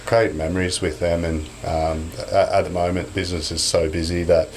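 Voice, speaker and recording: Man, thirties, podcast guest, very low voice, rambling casual speech. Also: flat delivery, normal speed, a little mellow, slight background noise. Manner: rambling, heavy on filler words. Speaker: guest, business owner.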